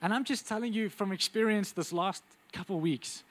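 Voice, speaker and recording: A man preaching a sermon with intense, urgent delivery that drops to quiet, intimate asides. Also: sits high, normal speed.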